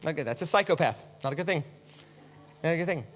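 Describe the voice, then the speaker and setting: A man preaching a sermon with slides, animated, who acts out the voices he quotes with big swings. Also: a little high, fast. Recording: long hall reverb.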